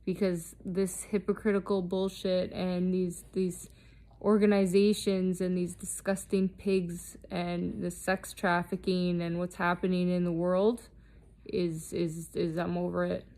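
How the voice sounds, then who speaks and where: Low gravelly woman ranting profanely. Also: flat delivery, unhurried, dark tone. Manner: blunt and heavily profane; intense and defiant. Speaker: vlogger. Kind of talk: unscripted impassioned monologue.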